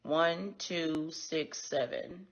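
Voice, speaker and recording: A woman's voice: low voice, drawn-out words. A woman hosting a casual livestream, talking bluntly and with plenty of profanity straight to her viewers. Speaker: livestream host. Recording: dull lo-fi stream audio.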